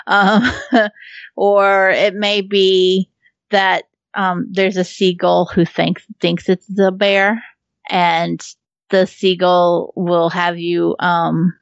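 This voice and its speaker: A woman's voice: fairly low pitch, little pitch movement, drawn-out words, no room sound. A woman in casual podcast chat who laughs often, swears freely, and talks with many ums and restarts. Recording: dull lo-fi recording.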